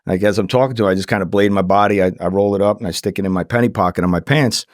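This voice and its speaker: A man's voice: lowish voice, fairly even intonation, rapid-fire, no echo, clean studio sound. A former undercover officer on a podcast recounting his early career, emphatic and repeating phrases for stress. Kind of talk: casual storytelling. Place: podcast studio. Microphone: studio mic.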